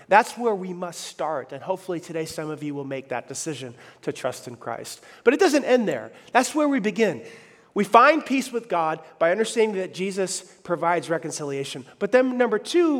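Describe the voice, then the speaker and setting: A pastor preaching a lively sermon, acting out the voices he quotes. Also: high voice, moderate pace. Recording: long hall reverb.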